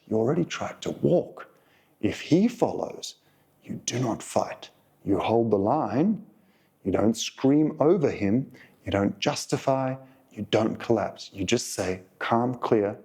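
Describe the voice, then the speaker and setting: A man hosting a relationship advice channel, speaking in a calm, deliberate coaching monologue to viewers. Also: on the low side, husky.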